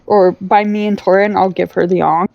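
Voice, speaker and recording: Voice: medium pitch, fairly even intonation, moderate pace, gravelly, no room sound, highs cut off. A tabletop game player describing their character's actions casually.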